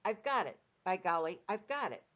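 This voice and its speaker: A woman's voice: a little high, expressive, brisk, dull audio, pitched above the performer's own voice. A woman voicing a brave, indignant little girl who talks in an earnest, pleading way.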